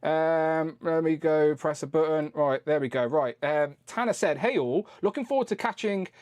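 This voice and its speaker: A man's voice: fairly high pitch, normal speed, darkish tone, clean tone, no room sound. A man hosting a toy-collecting live stream in a casual, rambling, chatty way, swearing freely.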